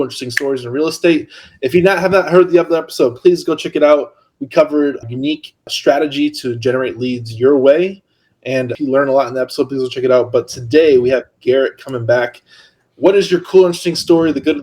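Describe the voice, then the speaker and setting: A male podcast host opens the show in an upbeat, welcoming tone. He talks fast. His pitch sits in the middle range. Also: a little mellow. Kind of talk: podcast introduction and casual chat.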